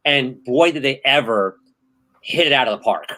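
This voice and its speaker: A man in his thirties hosting a casual podcast chat, telling stories in an animated, excitable way. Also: medium pitch, normal speed, rough recording. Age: 30s. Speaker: host.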